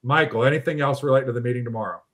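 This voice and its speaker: Speaking rapid-fire at medium pitch, a man runs a local politics livestream as an online video-call discussion. His delivery is blunt and animated, sprinkled with mild profanity.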